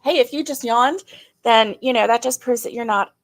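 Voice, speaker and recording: A middle-aged woman hosting a casual live stream, greeting viewers by name, chatty and quick to laugh, her throat a little strained. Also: on the high side. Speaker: livestream host.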